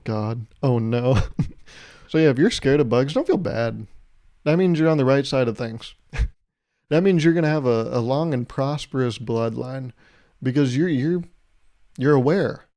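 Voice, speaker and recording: A man's voice: medium pitch, normal speed, mellow. A man hosting a solo comedy podcast, rambling through stories in a self-mocking way and laughing often. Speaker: podcast host.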